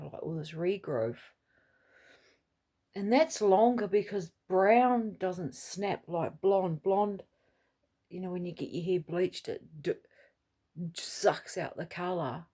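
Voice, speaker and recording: A middle-aged woman rambles through a casual home vlog, drifting from topic to topic. Her voice sits slightly low with a husky, breathy edge. She talks loosely and swears casually, as if to herself. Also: dark tone. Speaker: vlogger. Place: small home unit, kitchen.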